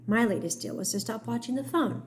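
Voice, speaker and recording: A woman reading an audiobook voices a gruff, grieving older man who is kind underneath. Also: fairly high pitch, expressive, brisk, a little hiss or hum, voice pushed up, lightly acted. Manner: gruff, plain-spoken.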